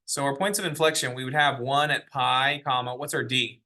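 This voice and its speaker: Bright-voiced man teaching math. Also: mid-range voice, fairly even intonation, normal speed. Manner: explaining step by step, asking the class questions. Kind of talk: classroom lecture. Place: classroom.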